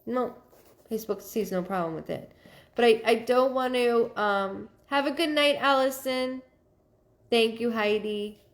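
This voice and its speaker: Woman medium chatting live to viewers. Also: a little high. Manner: thanks viewers by name and relays messages in a searching, halting way. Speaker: psychic medium hosting a live stream.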